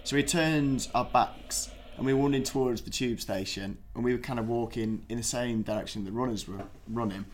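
A man's voice: medium pitch, fairly quick, few pauses, a little hiss or hum. A young man co-hosting a casual football podcast, telling a rambling anecdote with frequent restarts. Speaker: podcast co-host.

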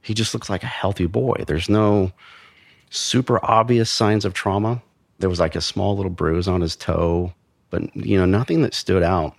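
Deep-voiced male investigator, plain blunt storyteller, dry close sound. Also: fairly even intonation, vocal fry, dry recording. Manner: measured, blunt, with frequent restarts. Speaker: former investigator recounting a case. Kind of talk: true crime storytelling.

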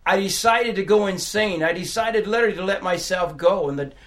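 An older man gives a sermon testimony in a notably high voice. He tells his story in low, hushed tones, then breaks into tearful shouting. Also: fairly quick. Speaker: preacher.

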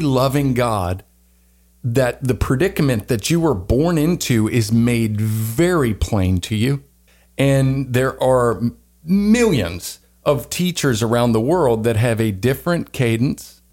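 A man hosting a faith-centered talk, speaking with animated, sermon-like emphasis and sometimes jumping into voices to act out what others say. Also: medium pitch, unhurried. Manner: animated, acts out quoted voices. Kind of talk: preachy faith discussion.

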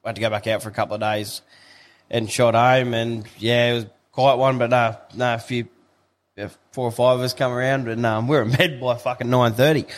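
A man's voice: mid-range voice, level tone, a little fast. A laid-back Australian man in casual podcast conversation. He talks in an easygoing, blokey way and swears without much thought. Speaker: podcast co-host. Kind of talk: casual chat.

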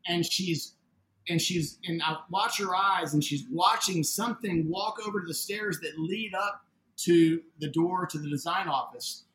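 Man, high bright voice, lively storyteller acting out the dialogue; roomy sound, faint ambience. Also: unhurried. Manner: animated, acts out quoted dialogue. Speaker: interview guest, building owner. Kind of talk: casual spoken storytelling.

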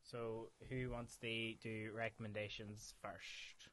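A man's voice: fairly low pitch, flat delivery, slow pace, crowd noise. A man hosting a casual film podcast, speaking with hesitant restarts and moving the talk along. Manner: hesitant, repeats words. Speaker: podcast host.

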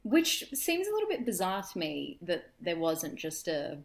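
A young woman in casual podcast chat, with a lowish voice. She tells animated stories and drops wry little asides. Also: a little slow. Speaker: podcast co-host.

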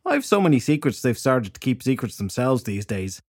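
Man voicing a snarky secretive fairy detective, dry flat studio read. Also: mid-range voice, moderate pace, no room sound. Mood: sardonic. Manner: dry sarcastic delivery.

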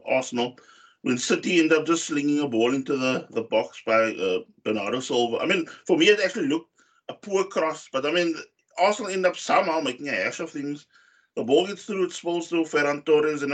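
Male co-host, casual match recap, filler-heavy, slightly raised pitch. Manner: rambling, many fillers and restarts. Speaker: football podcast co-host. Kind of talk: casual football chat.

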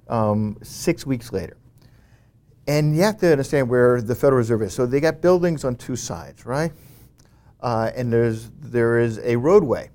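Male guest, middle pitch, lively anecdote teller who often restarts his sentences. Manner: animated, frequent "you know" fillers and restarts. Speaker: interview guest. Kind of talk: conversational storytelling.

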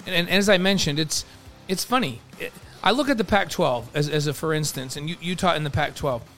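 A man's voice: on the high side, a little fast, a bit bright, faint music behind. A man from New York co-hosting a casual sports podcast, talking in a loose way full of restarts and repeated words. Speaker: podcast co-host.

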